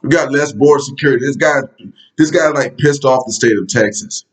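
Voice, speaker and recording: A man's voice: mid-range voice, brisk, low-quality recording. Blunt, profane man ranting casually. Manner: conversational, addresses viewers directly. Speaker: political commentary vlogger. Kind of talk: casual political rant.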